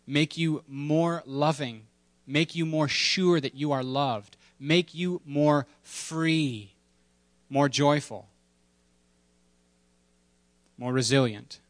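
A man's voice: mid-range voice, no room sound. A man preaching a sermon in a conversational, humorous way, with playful asides and emphatic repetition. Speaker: pastor.

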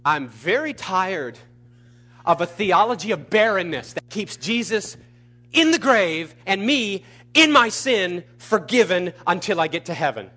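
A man preaching a sermon, emphatic and repetitive, building to loud peaks. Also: high voice, very animated, a little slow. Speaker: pastor.

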